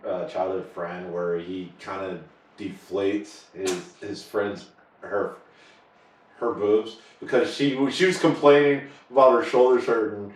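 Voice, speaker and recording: Man, podcast co-host, casual halting chat, mid-pitched voice, distant mic, heavy room echo. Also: fairly even intonation, a little hiss or hum. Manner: halting, many fillers and restarts, laughs often. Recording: echoey room, far from the mic.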